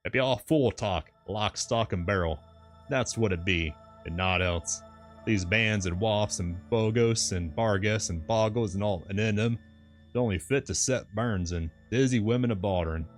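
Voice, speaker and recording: A man's voice: fairly low pitch, normal speed, soft background music, close to an everyday voice. A man voicing a garrulous old seaside sailor who grumbles in a thick rustic dialect. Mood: scornful. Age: older.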